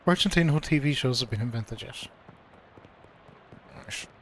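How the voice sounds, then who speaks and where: A man's voice: medium pitch, normal speed, a bit bright, slight background noise. A man streaming a game, reading its dialogue aloud in a casual, playful way with mock old-fashioned delivery. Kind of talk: let's play commentary, reading game text aloud.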